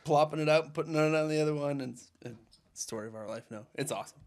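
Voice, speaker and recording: A man's voice: on the high side, quick pace. A young man co-hosting a casual hockey podcast, laid-back and agreeable, laughing easily. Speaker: podcast co-host. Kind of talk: casual chat.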